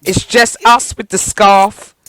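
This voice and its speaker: Bright-voiced woman in lively radio chat. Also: medium pitch, slow pace, no echo. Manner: animated, chatty storytelling with laughs. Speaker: radio show co-host. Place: radio studio.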